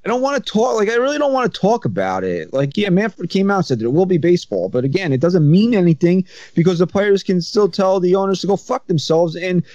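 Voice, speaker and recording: A man's voice: high voice, sing-song, a little fast, hardly any pauses, a little mellow, dry recording, dull audio. A man co-hosting a podcast, telling stories in a rambling casual way. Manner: rambling storyteller, many restarts. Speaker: podcast co-host.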